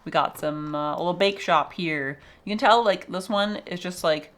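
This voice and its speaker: A young woman speaking at normal speed in a voice on the low side and a bit bright laughs and swears casually while showing off her zoo game in a gameplay vlog.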